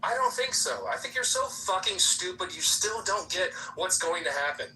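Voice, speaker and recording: A man shouting profane insults in a heated voice-chat argument, heard through a distant app mic. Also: high voice, animated, normal speed, slight background noise. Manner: aggressive, profane, yelling insults. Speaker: room participant.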